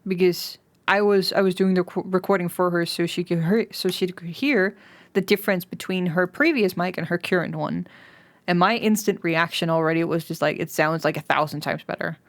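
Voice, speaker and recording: A young woman streaming live, chatting casually with her viewers, giggling often and breaking into excited high squeals. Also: moderate pace.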